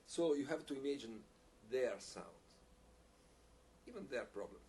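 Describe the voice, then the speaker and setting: A man leads a piccolo masterclass and explains things haltingly, repeating words and using non-native phrasing as he feels his way through. His voice sits at an ordinary middle pitch for a man. He is picked up from a distance, with a faint hiss underneath. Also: animated, darkish tone. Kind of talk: masterclass teaching, answering questions.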